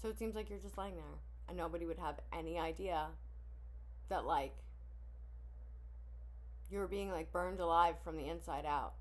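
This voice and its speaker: A woman's voice: on the low side, moderate pace, long pauses. A woman hosting a casual song reaction video, talking with blunt, profane candor and frequent sighs. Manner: blunt, candid, profane oversharing with sighs and laughs.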